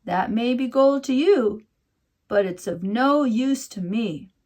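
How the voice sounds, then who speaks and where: A grumpy little leprechaun from a storybook, grumbling and mumbling his complaints in a high voice, as a woman puts him on. His speech is slow and drawn out, as if muttering to himself. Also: lively intonation, a little mellow. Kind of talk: storybook reading.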